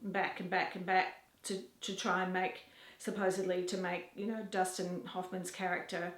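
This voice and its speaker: A woman's voice: on the low side, flat delivery, normal speed. Chatty Australian woman in an echoey kitchen. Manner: chatty, rambling, laughs often. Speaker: vlogger. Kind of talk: casual chat to camera. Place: home kitchen. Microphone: camera set down nearby. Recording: echoey room.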